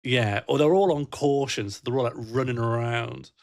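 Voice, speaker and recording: This young man's mid-range voice has a creaky edge and moves at a moderate pace. He's doing casual live-stream chat, reading viewers' messages aloud, laughing a lot, and wandering playfully from topic to topic.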